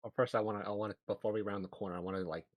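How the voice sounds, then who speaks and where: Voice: deep voice, steady tone, racing, dull audio. A player chatting at a tabletop game, joking and apologetic. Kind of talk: casual tabletop game chat.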